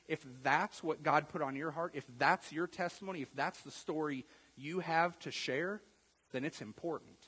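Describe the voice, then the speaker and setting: A man preaching a conversational sermon, repeating words and swinging from quiet asides to loud emphasis. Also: a little high, moderate pace, slightly rough. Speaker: pastor. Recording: long reverb of a church hall.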